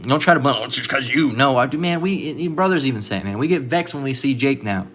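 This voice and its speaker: A man's voice: medium pitch, expressive, fast, a bit bright, slight background noise. A man giving informal Bible commentary, rambling and repetitive, cursing freely and tagging his points with questions to the listener. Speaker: preacher.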